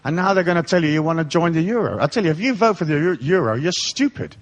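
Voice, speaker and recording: A man's voice: fairly high pitch, animated, fast talker. A man raised in Africa, giving a live seminar in an irreverent, profane, sardonic comic style. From raised in Africa, born in England. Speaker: seminar speaker. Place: live audience hall.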